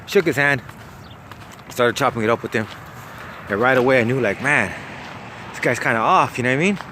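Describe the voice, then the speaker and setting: A man's voice: medium pitch, a little fast, slight background noise. A young man, casually telling a wild story, slangy and profane. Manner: profane, slangy, lively, laughs at his own story.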